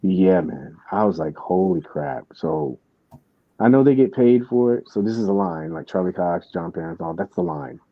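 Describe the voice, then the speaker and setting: A man's voice: sits low, very animated, moderate pace, creaky, no echo, highs cut off. A man hosting a podcast, telling a story in casual chat, with lots of restarts and asides. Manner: rambling storytelling with many restarts. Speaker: podcast host.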